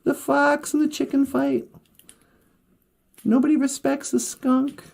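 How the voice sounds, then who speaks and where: A woman voicing a kindly, wise male Great Spirit who speaks in a gentle, reassuring way in a told story. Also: high-pitched, flat delivery, slow pace, gravelly, heavily acted.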